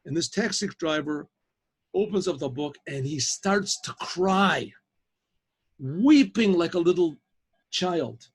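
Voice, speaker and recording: A man's voice: on the high side, takes it slowly, pauses often, husky. A man, a rabbi, telling a story to students over a video call, often stammering and restarting his phrases. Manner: animated, with stammered restarts and repetitions. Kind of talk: storytelling lecture.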